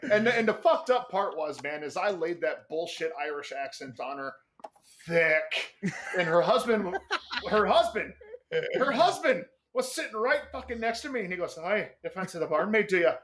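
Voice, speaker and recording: A man chatting casually as a guest, rambling through a story with plenty of "uh"s and offhand swearing. His voice sits a little higher than most men's. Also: animated, normal speed, background noise. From United States.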